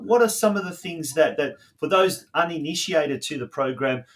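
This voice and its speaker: A middle-aged man hosting a soccer podcast, rambling and halting, with lots of fillers and restarts. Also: mid-range voice. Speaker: podcast host.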